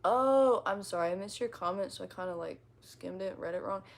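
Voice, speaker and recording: Reading viewers' comments aloud on a casual livestream, a woman laughs often, swears freely, and rambles to excuse herself. Her voice is medium-pitched and her pace brisk.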